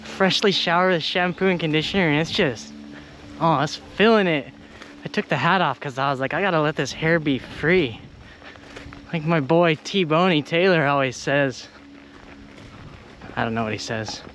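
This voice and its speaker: An excitable young man rambles into a handheld camera as he hikes a rural trail. His voice sits a little high for a man, and faint wind drifts behind him. He is chatty and easily delighted. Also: normal speed. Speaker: thru-hiker vlogger. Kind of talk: casual vlog chat while hiking.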